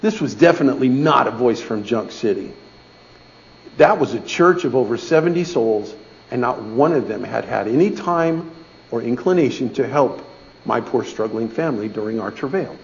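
A man's voice: medium pitch, animated, normal speed, creaky. A middle-aged man telling a personal story to a church gathering, folksy and conversational, often asking "okay?". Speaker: speaker giving a testimony in church. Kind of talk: storytelling sermon. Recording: dull lo-fi recording.

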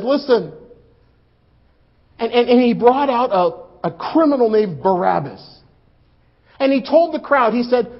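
A man playing a grieving male disciple in a dramatic first-person sermon, swelling loud for the crowd and sinking hushed and low. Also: full character voice. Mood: urgent. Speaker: preacher in first-person monologue. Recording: muffled lo-fi recording.

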